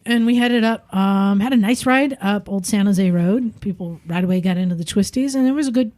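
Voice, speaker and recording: A woman's voice: medium pitch, fairly quick. A woman co-hosting a podcast, telling a ride story in casual chat and acting out the people in it. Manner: animated storyteller, acts out quoted voices. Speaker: podcast co-host.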